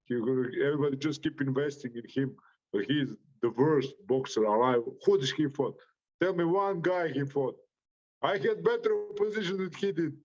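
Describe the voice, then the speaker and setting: A boxer with a Croatian accent reacts in an interview, packing it with brash, profane trash talk and frequent laughs. His voice is fairly high-pitched and darkish in tone, at normal speed. The recording sounds muffled.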